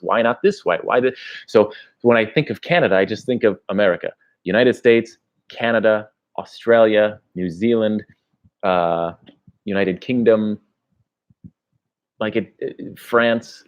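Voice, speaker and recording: A man who vlogs about his travels, chatting casually on a livestream and rambling through answers to viewer questions. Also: on the low side. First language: English. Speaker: travel vlogger.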